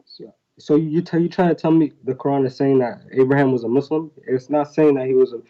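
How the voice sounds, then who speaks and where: A male caller speaks quickly and defensively, pushing on over constant interruptions. His voice comes through muffled, on dull lo-fi call audio. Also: medium pitch. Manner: defensive, talks over the host. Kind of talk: heated call-in argument.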